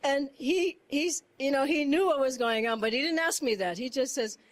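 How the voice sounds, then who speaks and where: Woman, high voice, spiritual talk, earnest storytelling, animated, laughs often, repeats phrases. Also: normal speed. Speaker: satsang speaker.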